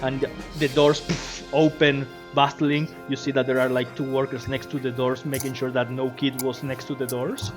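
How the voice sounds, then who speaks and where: A man's voice: medium pitch, flat delivery, moderate pace, hardly any pauses, music in the background. A man narrating as game master, rambling with restarts and frequent laughs. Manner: rambling, many fillers and restarts, laughs often.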